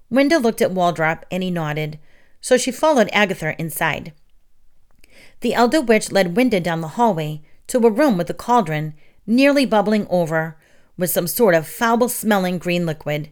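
A woman narrating a children's storybook aloud in an expressive way. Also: fairly low pitch, moderate pace, clean tone. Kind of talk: reading children's stories aloud.

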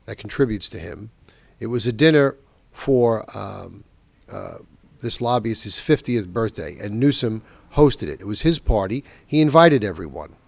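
A man's voice: mid-range voice, vocal fry, darkish tone, dry recording. Emphatic indignant male radio host. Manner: emphatic, indignant, stresses words slowly. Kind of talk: political commentary monologue.

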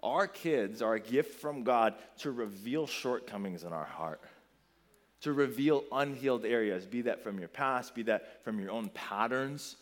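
Male pastor, 30s, conversational sermon voice, animated storyteller, mid-range pitch. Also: measured pace.

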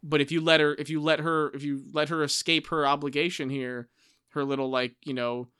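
A man's voice: a little high, a little fast, clean tone, no room sound, clean studio sound. A man co-hosting a casual book podcast, recapping chapters and acting out characters with playful voices. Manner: animated, acts out characters in funny voices, laughs often. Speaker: podcast co-host.

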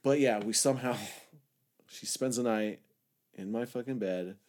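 A man casually telling a personal story in a rambling, candid way, swearing a lot and shifting between loud outbursts and low mutters. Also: unhurried. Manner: rambling, candid, heavy swearing, frequent "like" fillers. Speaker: storyteller recounting his own past.

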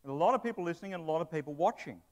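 A man's voice: a little high, lively intonation, racing, a little mellow, lo-fi sound. A man preaching a sermon to his church in a conversational way, with asides and humor. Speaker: pastor; broadcast presenter.

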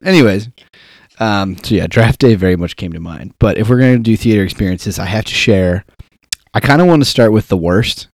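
Young male co-host, lowish voice, dry close recording, lively anecdotal delivery. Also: brisk, dry recording. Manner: animated storyteller who acts out quotes. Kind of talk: casual chat.

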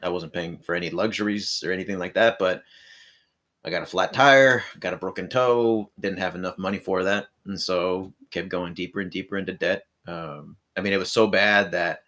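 A man's voice: low voice, normal speed, bright, forceful tone. A man from Illinois telling his own story as an interview guest, in a reflective and meandering way. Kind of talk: casual personal storytelling.

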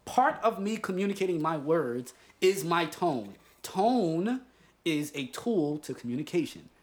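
A man's voice: fairly high pitch, expressive, unhurried. A man co-hosting a podcast, telling a story in a casual, profane and emphatic way while drinking beer. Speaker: podcast co-host.

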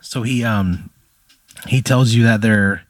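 Low-voiced man, rambling comedic narrator, dry sound. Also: slow pace, no echo. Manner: rambling, full of "like" fillers. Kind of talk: improvised storytelling.

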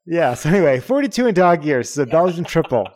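A man co-hosting a casual podcast, relaxed and joking as he describes a beer. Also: fairly high pitch, fast talker. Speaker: podcast co-host.

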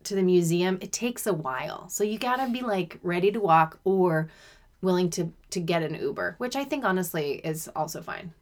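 A woman co-hosting a relaxed podcast chat. Her voice is lively and swings widely in pitch. She laughs easily and jumps in quickly with reactions. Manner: giggly, animated, quick to react. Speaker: podcast co-host. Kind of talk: casual chat.

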